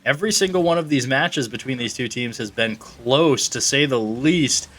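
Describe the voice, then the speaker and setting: A man's voice: medium pitch, normal speed, a bit bright. A man calling an esports match play-by-play, joking with his co-caster. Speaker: esports commentator. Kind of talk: play-by-play commentary.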